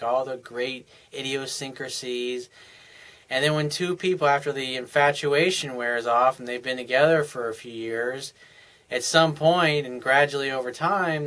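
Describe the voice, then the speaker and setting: A man coaching on relationships in an earnest advice monologue, sometimes acting out what partners say to each other. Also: medium pitch. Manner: earnest, acts out couples' dialogue in softer voices. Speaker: dating and life coach.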